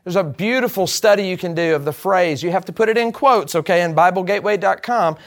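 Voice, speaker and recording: A man's voice: high voice, fast. A man teaching a Bible class, speaking emphatically and putting rhetorical questions to the group.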